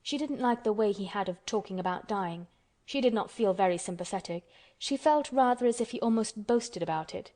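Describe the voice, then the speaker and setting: A woman narrates an audiobook in a calm, measured manner. Her voice sits at a middle pitch for a woman. The delivery is steady and clearly scripted.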